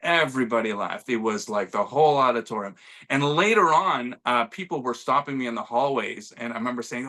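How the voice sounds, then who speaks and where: A man's voice: mid-range voice, a little fast, pushed and bright. A middle-aged man from Montreal, an actor chatting as an interview guest, self-deprecating and full of restarts. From Montreal, Canada. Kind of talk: casual interview conversation.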